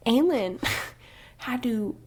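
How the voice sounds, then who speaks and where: Woman co-host, unhurried delivery, sarcastic and swearing, laughs a lot, casual book chat. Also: fairly high pitch, animated, darkish tone, breathy edge. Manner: sarcastic, profane, laughing often. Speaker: podcast co-host.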